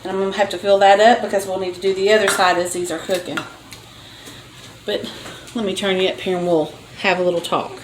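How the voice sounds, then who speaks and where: Cooking in her home kitchen, an older host chats casually for her vlog like a homey storyteller who laughs a lot. She speaks briskly at a medium, fairly flat pitch, and the rough recording is reverberant with a little hiss or hum.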